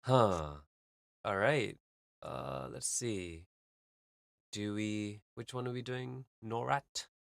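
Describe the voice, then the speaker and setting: Low-voiced man giving casual music feedback. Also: takes it slowly, gravelly, pauses often, no room sound. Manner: rambling, filler-heavy, explains with vivid analogies. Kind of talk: casual live-stream commentary.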